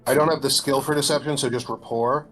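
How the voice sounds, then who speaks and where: A man playing a tabletop game asks short, checking questions about what he can roll. His voice sits at an ordinary mid pitch, with casual, conversational delivery. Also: fairly even intonation, fast talker, music in the background. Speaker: player.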